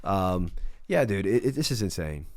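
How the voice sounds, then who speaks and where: A man's voice: low-pitched, very animated, moderate pace, a little mellow. A man doing casual, mocking commentary on a video clip, laid-back and loose. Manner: mocking, laid-back, many fillers and restarts. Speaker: commentary YouTuber.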